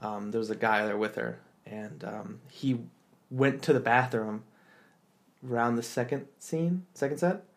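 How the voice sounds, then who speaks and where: A man's voice: mid-range voice, unhurried. A man hosting a podcast, telling a story in casual chat, acting out quotes in exaggerated voices with lots of fillers. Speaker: podcast host.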